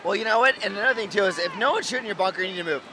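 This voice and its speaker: An American man doing energetic live play-by-play for a paintball match. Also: sits high, rapid-fire, background noise. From United States. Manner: energetic play-by-play, laughs easily. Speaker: paintball commentator. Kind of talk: live sports commentary.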